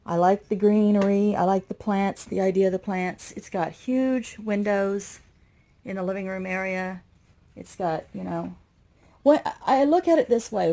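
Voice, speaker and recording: A woman with a mid-range, slightly mellow voice gives a casual, rambling walkthrough vlog inside the old motorhome she's renovating. Talking straight to her viewers, she sounds stressed, overwhelmed and anxious.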